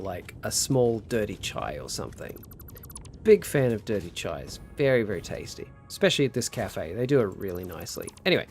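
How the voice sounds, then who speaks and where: Animated young man streaming a game. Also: mid-range voice. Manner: chatty, animated storyteller, reads chat aloud. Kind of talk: casual gameplay chat.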